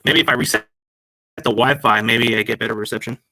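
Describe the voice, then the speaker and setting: On a laptop mic, a man hosts a sports podcast, rambling casually in slang and calling his listeners "man" and "dude." His lowish voice stays level and moves fairly quickly, with a sharp tone and no echo.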